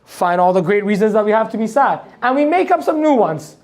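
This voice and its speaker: Blunt, energetic male motivational trainer. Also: sits high, fairly quick. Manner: energetic, fires rhetorical questions at the audience; blunt, casual swearing, laughs at his own points. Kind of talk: live training talk to an audience.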